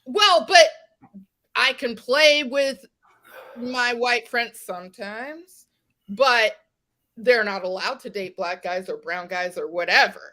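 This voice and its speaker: A woman from West Virginia, a podcast guest, telling a personal story in an animated way. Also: fairly high pitch, slow pace. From West Virginia, USA. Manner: animated storyteller, acts out quoted exchanges. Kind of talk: podcast conversation.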